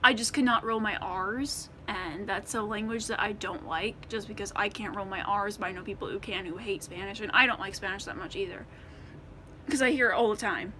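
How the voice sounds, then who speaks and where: A woman's voice: mid-range voice, steady tone, brisk, bright, forceful tone, a little hiss or hum. An American woman chatting casually to the camera in a Q&A vlog, rambling with many ums and restarts. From United States. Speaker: vlogger.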